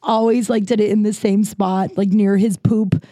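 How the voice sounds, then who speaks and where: A young woman podcast host tells stories in a casual monologue, rambling and animated, full of "like," "you know," and lively asides. Her mid-range voice is dark and mellow at normal speed, recorded dry and close without room sound.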